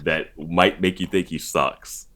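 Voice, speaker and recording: A man's voice: deep voice, takes it slowly. A man guest-hosting a podcast, chatting casually and acting out quotes. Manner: relaxed, acts out quotes. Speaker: guest co-host. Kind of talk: casual chat.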